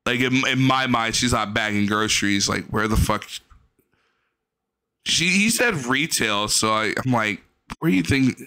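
Bright, crisp-voiced man mocking a clip. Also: fairly low pitch, animated, measured pace. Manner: profane, mocking, laughs often. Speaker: reaction streamer. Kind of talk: casual reaction commentary.

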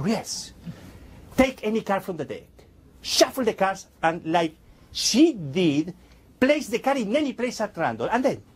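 Lively magician man, playful patter. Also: high voice, breathy edge. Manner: playful, chatty, in slightly broken English. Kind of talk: stage magic patter to an audience.

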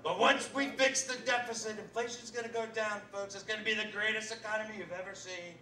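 A man's voice: high voice, steady tone, fast, sharp tone, a little hiss or hum. A man playing a brash, boastful older politician in a comedy sketch, repeating folks and tremendous. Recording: echoey room, far from mic, music behind.

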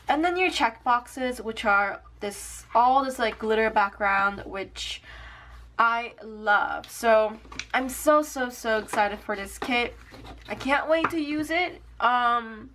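Young woman, casual vlog, gushing, upbeat, lots of fillers, slightly high-pitched. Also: fairly bright tone. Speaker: planner sticker shop owner. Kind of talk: casual product showcase vlog.

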